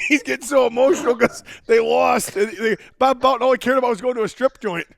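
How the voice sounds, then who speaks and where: Male podcast co-host, teasing and profane, high with a raspy edge, very dry sound. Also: fairly even intonation, a little fast, dry recording. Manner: teasing, swears freely. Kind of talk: casual chat.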